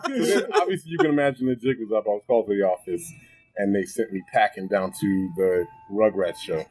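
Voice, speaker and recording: Husky-voiced man telling stories, laughing a lot. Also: brisk, rough recording. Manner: animated, laughs often, jumps to high pitch when excited. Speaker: podcast guest. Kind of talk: casual storytelling. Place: restaurant table.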